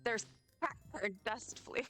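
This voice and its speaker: A woman streamer with a hoarse, partly lost voice, chatting casually and rambling to her chat while she plays. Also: a little high, unhurried, pushed and bright, faint music behind.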